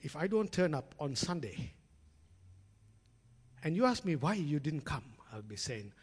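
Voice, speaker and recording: Animated preacher in an echoing hall. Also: male voice, fairly high pitch, measured pace, slightly rough. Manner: conversational, addresses congregation as friends; acts out quoted voices in storytelling. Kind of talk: sermon. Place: church hall. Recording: long reverb in a large hall.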